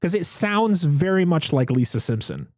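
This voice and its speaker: A man's voice: on the high side, big pitch swings, normal speed, darkish tone, dry recording. Chatty man on a dry podcast mic. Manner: chatty, exasperated rants. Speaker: podcast co-host. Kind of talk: casual movie podcast chat.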